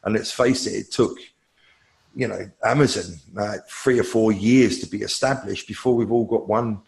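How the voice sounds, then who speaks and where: Male tech analyst guest, lower voice, loose conversational answers that think aloud. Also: normal speed, creaky, a little mellow. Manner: thinking aloud with fillers and restarts. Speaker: cloud technology analyst, guest.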